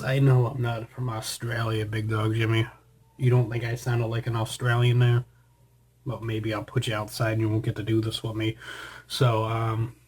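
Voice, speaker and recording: A man's voice: mid-range voice, a little mellow, breathy edge. A man hosting a casual fight prediction show, chatty and rambling, with joking asides to his co-host.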